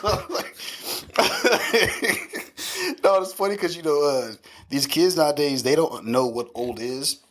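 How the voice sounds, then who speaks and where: Animated storytelling man on a podcast. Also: mid-range voice, normal speed. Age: 30s. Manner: storytelling, animated, profane, laughing often. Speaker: podcast co-host. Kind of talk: casual chat.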